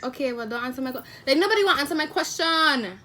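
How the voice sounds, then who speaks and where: A woman's voice: sits high, lively intonation, fast, sharp tone, slight background noise. An eighteen-year-old woman vlogging casual video calls with strangers on her phone, slangy and repeating the same question again and again.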